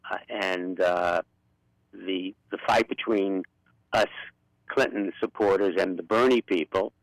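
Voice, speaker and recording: A man's voice: sits low, steady tone, a little slow, no echo, poor audio. An older man with a Brooklyn accent, speaking as an impassioned guest in a radio interview. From Brooklyn, New York. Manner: outspoken and impassioned. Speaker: guest, political activist.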